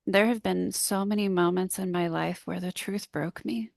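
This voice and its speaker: Gravelly low-voiced woman telling a story. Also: fairly even intonation, normal speed, no echo, clean studio sound. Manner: earnest, heartfelt storytelling. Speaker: business coach guest; public speaker. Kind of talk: casual podcast conversation.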